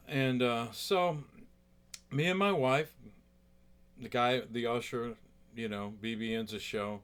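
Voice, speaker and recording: A man who plays guitar tells a story in a loose, chatty way. His voice sits at an ordinary middle pitch, and he drifts through fillers and asides as he goes. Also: a little slow, a bit bright, clean tone. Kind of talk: casual storytelling.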